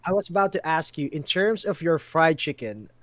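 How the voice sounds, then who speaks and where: A man chatting casually on a stream, giving relaxed, short replies. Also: a little high, moderate pace, dry recording. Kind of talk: casual chat.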